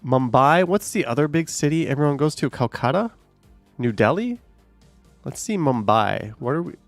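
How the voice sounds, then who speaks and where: A man's voice: medium pitch, lively intonation, moderate pace, no room sound, soft background music. A man live-streaming, chatting casually and reading viewer comments aloud, musing in a rambling way with lots of fillers. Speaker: live-streaming walking vlogger.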